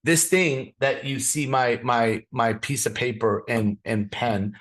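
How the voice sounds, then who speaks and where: Speaking slowly with fairly even intonation, this man has a medium-pitched, somewhat bright voice. He's leading a live online business training by video call, talking straight to viewers, sharing stories, and often repeating words when he restarts a sentence.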